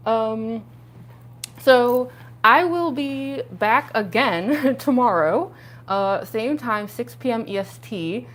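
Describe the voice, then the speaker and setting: A young woman chatting casually on a livestream, giggling often and full of fillers, her voice jumping up when she gets excited, while she speaks around costume fake teeth. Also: takes it slowly. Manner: excitable, pitch jumping up on exclamations.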